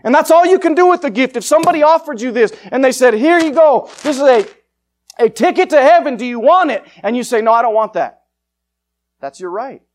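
A man preaching an evangelistic sermon, confrontational and fiery, swinging between loud urgent lines and hushed ones. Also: very high-pitched, expressive, quick pace.

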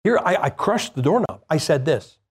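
A man's voice: fairly high pitch, lively intonation, normal speed, slightly rough. A man preaching a sermon, telling a personal story in a plain-spoken, conversational way and firing rhetorical questions at the congregation.

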